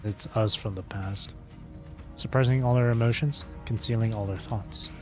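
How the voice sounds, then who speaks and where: A man streaming, reading a game's story aloud in a steady narration with small slips and restarts. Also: lowish voice, normal speed, faint music behind.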